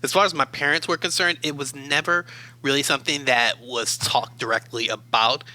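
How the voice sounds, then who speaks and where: A man from Baltimore speaks as an interview guest in a calm, measured way. His tone is strikingly bright and sharp-edged, at a middle pitch. He tells his stories thoughtfully and steadily. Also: rough recording. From Baltimore, USA. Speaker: guest, academic adviser. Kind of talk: reflective interview storytelling.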